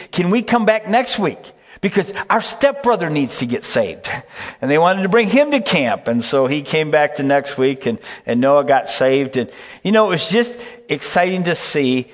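A middle-aged man, a pastor and camp director, tells stories in a folksy sermon and often checks in with the listeners by asking "okay?". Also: medium pitch. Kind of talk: storytelling sermon. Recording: long hall reverb.

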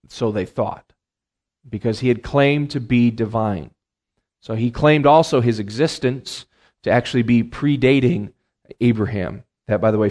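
A man's voice: mid-range voice, a little mellow. Man, middle-aged, Bible class lecture, mid-range voice, repeats key phrases. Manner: explains terms plainly, repeats key phrases, many ums and uhs. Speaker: Bible teacher.

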